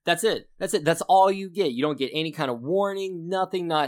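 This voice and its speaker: A man's voice: fairly high pitch, moderate pace, dry recording, clean studio sound. A man co-hosting a casual film discussion, recapping the plot conversationally. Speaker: podcast co-host.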